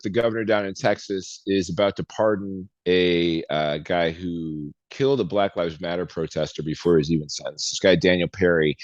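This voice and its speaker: A man with a low voice chats on a podcast in an easy, laid-back way, walking through the news. The sound is dull and lo-fi, with a dry, close feel and no room echo. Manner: laid-back, reads out news items, chuckles. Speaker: podcast co-host. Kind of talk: casual chat.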